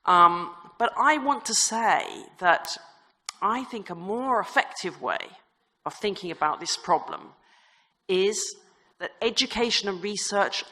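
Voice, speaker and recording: A woman's voice: medium pitch, animated, takes it slowly, sharp tone. A woman, a religious sister and university vice rector, giving an informal, chatty conference talk with self-deprecating asides and frequent restarts. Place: large conference hall in a crypt. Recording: long reverb of a large hall.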